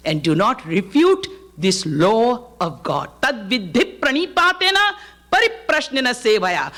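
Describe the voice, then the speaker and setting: A woman preacher from Fiji gives a devotional sermon with a bright, forceful voice. Her pitch swings widely as she tells parables and chants Sanskrit verses. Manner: animated storytelling with Sanskrit verse recitation. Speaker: spiritual preacher. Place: live talk to an audience.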